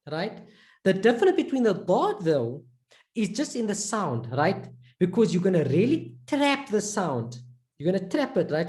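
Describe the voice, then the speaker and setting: In a live online class, a woman coaches students on pronunciation, offering encouragement and repeating syllables many times as examples. Her voice sits fairly low, with a somewhat dark tone.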